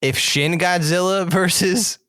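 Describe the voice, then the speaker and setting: A man's voice: sits high, fairly even intonation, measured pace, bright, forceful tone, no echo. Chatty podcast guy, dry sound. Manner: eager, chatty, full of restarts. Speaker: podcast co-host. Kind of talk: casual chat.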